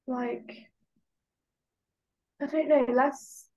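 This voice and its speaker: A woman's voice: sits high, steady tone, drawn-out words, dark tone, rough recording. A young woman from the UK, a podcast guest, talking hesitantly with lots of filler words. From United Kingdom. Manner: hesitant, lots of "like" and "I don't know". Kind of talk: casual interview chat.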